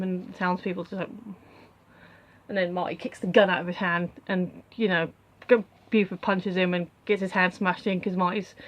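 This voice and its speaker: A woman's voice: mid-range voice, a bit bright. Rambling woman recapping a film. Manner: rambling, with many fillers and asides. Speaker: film reviewer. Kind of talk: casual spoken film recap.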